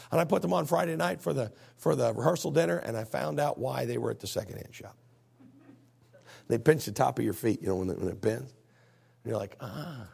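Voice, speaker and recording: A man's voice: on the high side, vocal fry, darkish tone, slightly rough. A man, preaching a folksy, emphatic sermon and reading scripture aloud. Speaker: pastor.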